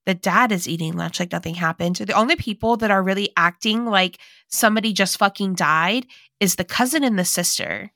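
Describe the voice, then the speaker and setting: A woman's voice: mid-range voice, brisk, bright, forceful tone, no echo. A woman co-hosting a podcast, casually recapping a movie and animatedly acting out the characters' lines. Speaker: podcast co-host.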